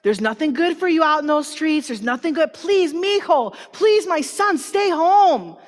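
A loving grandmother pleads again and again with her grandson, high and urgent , as a woman preacher plays her. Her begging swells louder, and the sound rings in a large hall with long reverb. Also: lively intonation, a little slow. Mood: pleading. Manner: pleading, repeating "please".

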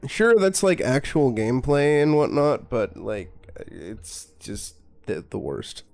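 A man's voice: mid-range voice, sing-song, slow pace, gravelly, a little mellow. A man streaming a horror game, giving sarcastic, mock-scared commentary and swearing freely. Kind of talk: live gameplay commentary.

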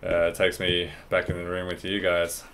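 A man's voice: low-pitched, monotone, normal speed, noisy background. A man hosting a gaming channel, giving casual let's play commentary and thinking aloud as he plays.

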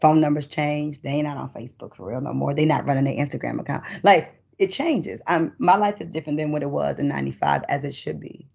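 Middle-aged woman, poet, expressive and emphatic, spoken-word delivery, dull lo-fi recording. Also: low-pitched, fast, creaky, few pauses, breathy edge. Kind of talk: spoken-word poetry and conversation.

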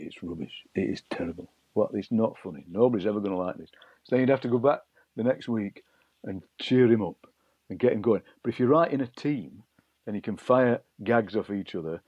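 A middle-aged man, a poet being interviewed, telling lively anecdotes and acting out voices he overheard. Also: mid-range voice, breathy edge, no room sound. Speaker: poet and broadcaster, guest. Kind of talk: interview storytelling. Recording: dull lo-fi dry sound.

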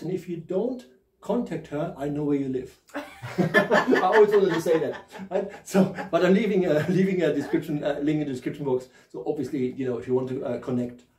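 A man's voice: on the high side, warm tone, echoey room, recorded from a distance, low-quality recording. A man with a German accent and a slight lisp from new dentures, hosting a chatty, jokey tarot reading. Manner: chatty, jokey, laughs at himself. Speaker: tarot reader and host. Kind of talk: casual spoken tarot reading.

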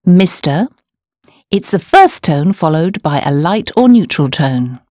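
A woman narrating a scripted language course, explaining words and tones in a clear, measured way. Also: low voice, big pitch swings, a little mellow, dry recording. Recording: dry studio voice-over.

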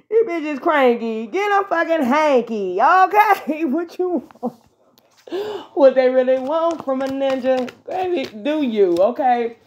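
A woman giving viewers a casual spiritual pep talk, profane and animated, laughing often and breaking into bits of song. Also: high-pitched, measured pace, dull audio. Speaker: spiritual vlogger.

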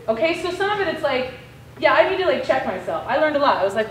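An American woman giving a guest lecture to a class, telling a story in a frank, casual, lively way. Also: high voice, quick pace, a little hiss or hum. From United States. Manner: animated storyteller, casual and frank with mild swearing. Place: lecture room. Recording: echoey room, voice from far off.

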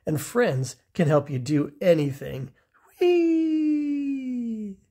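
A reader reading a children's picture book aloud, slow and expressive. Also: mid-range voice, breathy edge. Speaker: storybook reader. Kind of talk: children's story read-aloud.

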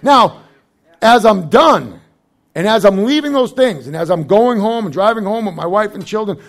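A man's voice: sits high, expressive, normal speed, vocal fry. A young adult man preaching a sermon as pastor, conversational and joking, with frequent asides.

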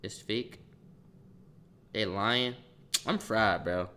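A young man telling a story on a livestream in casual chat, animated and profane, breaking off to react to viewers' comments. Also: on the low side, drawn-out words, clean tone.

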